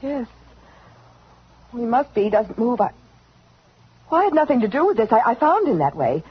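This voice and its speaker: An actress playing a frightened heroine in a 1940s radio drama, breathy, anxious and pleading. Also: female voice, on the high side, sing-song, moderate pace, exaggerated voice. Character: frightened woman heroine in panic. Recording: dull lo-fi vintage radio recording.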